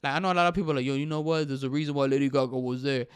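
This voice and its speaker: A young man hosting a casual talk show, excitedly giving his opinions, switching between English and Spanish and saying "bro" all the time. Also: medium pitch, very fast, clean tone. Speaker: podcast host.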